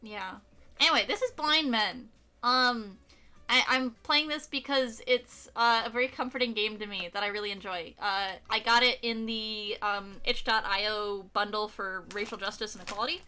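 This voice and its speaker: A woman's voice: medium pitch, pushed and bright, clean tone. A woman streaming a game, chatting casually with a friend in a bubbly, teasing way. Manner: bubbly, teasing, quick to laugh. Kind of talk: casual chat while playing a game.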